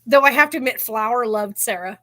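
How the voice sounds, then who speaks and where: Chatty woman host, slightly high voice. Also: a little fast, a bit bright. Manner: chatty storyteller, heavy use of "like", laughs while telling. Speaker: channel host. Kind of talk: casual chat.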